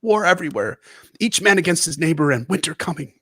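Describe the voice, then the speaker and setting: A man voicing a dying old male maester who speaks in halting, faltering bursts. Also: on the high side, expressive, bright, forceful tone, dry recording, studio quality, pitched above the performer's own voice, full character voice. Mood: desperate.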